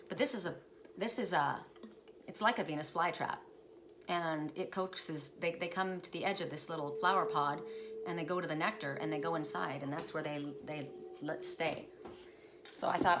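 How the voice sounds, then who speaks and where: A woman speaking in a slightly low voice tells a spiritual story at home in a loose, wandering way, often doubling back to fix her own words. A steady hiss of background noise runs underneath. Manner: rambling, self-correcting, digressive. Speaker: oracle card reader.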